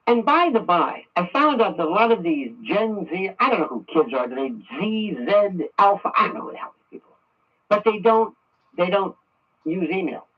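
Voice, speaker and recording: A man's voice: sits high, big pitch swings, normal speed, slightly rough, far from the mic. A man hosting a political talk radio show, ranting angrily and repeating himself. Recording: muffled radio audio from afar.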